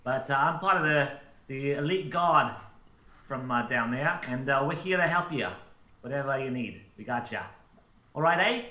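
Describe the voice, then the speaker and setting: A man's voice: mid-range voice, expressive, normal speed, bright, forceful tone, reverberant. A man playing his character in a tabletop game, jokey and switching silly accents. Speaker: player.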